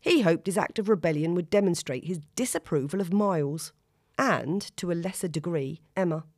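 Brief: female narrator, steady expressive reading, low voice, dry booth. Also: normal speed, dry recording. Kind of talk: audiobook narration.

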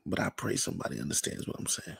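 A man's voice: low-pitched, sing-song, fast, gravelly, a bit bright, husky, no room sound. A man talking loosely on a livestream about faith and success, full of "you know"s and dropping into whispers. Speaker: livestream speaker. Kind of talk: casual inspirational talk.

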